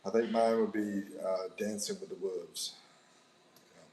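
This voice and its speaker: Rambling middle-aged man, low voice. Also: flat delivery, measured pace, a little mellow, slight background noise, rough recording. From United States. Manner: rambling and chuckling. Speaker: livestream host. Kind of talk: casual live-stream chat. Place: indoors by a sunny window.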